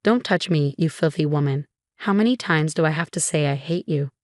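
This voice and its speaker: A woman's voice: deep voice, a little fast, no echo, clean studio sound, lightly acted. A woman reading the lines of a spiteful, scornful middle-aged mother-in-law in a sneering manner. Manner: sneering, insulting.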